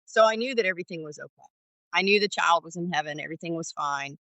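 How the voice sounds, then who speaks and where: A woman's voice: on the low side, fast, fairly bright tone, no room sound, poor audio. A middle-aged woman from Georgia, a former ER paramedic, telling candid stories in an interview and acting out dialogue with animation. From Georgia, USA. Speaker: podcast guest, former ER paramedic. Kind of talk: storytelling interview.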